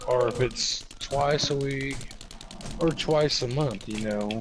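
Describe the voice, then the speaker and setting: A man's voice: mid-range voice, slow pace, noisy background. An American man in casual online game chat, rambling with lots of restarts. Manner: rambling, full of restarts and fillers. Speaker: gamer chatting in an online party.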